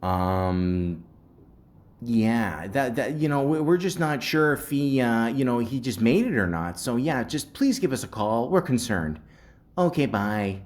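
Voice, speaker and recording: A fumbling school caller leaving a voicemail, as a man imitates them, halting and full of ums and uhs. The voice sits a little higher than his usual talk and moves slowly. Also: animated, a little mellow, close to an everyday voice. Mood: awkward.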